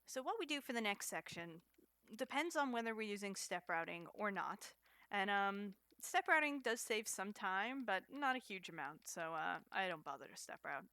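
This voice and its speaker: Woman streamer, casual jokey speedrun commentary, bright and punchy tone. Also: medium pitch, animated, moderate pace, dry recording. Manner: playful, chatty, jokey asides to chat.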